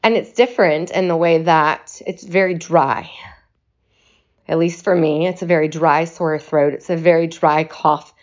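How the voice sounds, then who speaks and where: Woman, short of breath, slow reassuring talk, low voice, dull lo-fi sound. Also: steady tone. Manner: slow, reflective, reassuring delivery. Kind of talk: personal video message.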